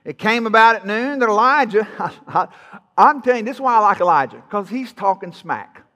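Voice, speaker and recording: High-voiced, bright preacher. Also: male voice, lively intonation, brisk, long reverb tail. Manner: folksy, playful preaching that teases the congregation. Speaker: pastor. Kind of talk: sermon. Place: church sanctuary.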